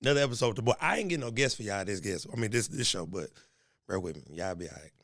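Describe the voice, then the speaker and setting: A man's voice: on the low side, animated, rapid-fire, fairly bright tone, dry recording, clean studio sound. A young man hosting his own podcast solo, joking and swearing loosely as he talks straight to listeners, with a slight cold. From American Midwest. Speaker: podcast host. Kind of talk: casual solo podcast monologue.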